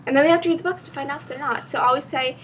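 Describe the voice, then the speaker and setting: A young woman vlogger gushing about a film in a casual review chat, full of "like" and excited asides. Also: high-pitched, rapid-fire, slight background noise. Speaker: book vlogger.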